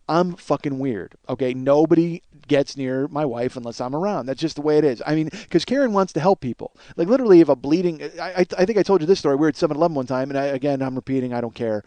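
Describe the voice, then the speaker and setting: A man with a fairly high voice tells a rambling, profane story into a close microphone. He drifts between low mumbling asides and bursts of excited near-shouting. The sound is dry, with no room echo. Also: quick pace. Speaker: podcast host. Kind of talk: solo storytelling monologue.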